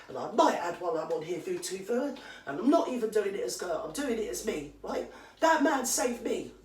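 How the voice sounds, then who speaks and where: A woman's voice: mid-range voice, expressive, moderate pace. A middle-aged woman with an English accent, delivering an indignant, sweary comedy rant into the camera. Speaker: comedy character vlogger. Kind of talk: ranting character comedy monologue. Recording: echoey room, far from the mic.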